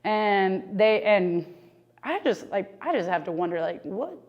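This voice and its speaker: A woman leading a casual church Bible study discussion, talking in an animated, conversational way full of "like.". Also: medium pitch, measured pace, highs cut off. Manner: animated, conversational, heavy use of "like".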